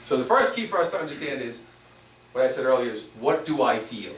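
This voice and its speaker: A man, a spiritual teacher, giving a lively workshop talk and asking the audience questions. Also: medium pitch, fast. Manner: animated, playful, asks the audience questions. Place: room with a small audience. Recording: roomy, mic at a distance, faint noise.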